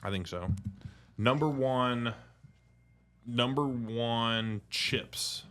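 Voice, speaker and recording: A man's voice: mid-range voice, extremely slow, a bit bright. A young man co-hosting a casual podcast chat over beers, joking around and slipping into silly put-on accents. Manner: jokey, slips into exaggerated put-on accents. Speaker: podcast co-host.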